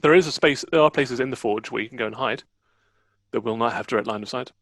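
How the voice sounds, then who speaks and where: A relaxed, chatty man guides his players through a tabletop adventure as dungeon master. His voice sits at a middle pitch, and the recording is dry and close, with no room echo. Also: fast talker. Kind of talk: running a tabletop game.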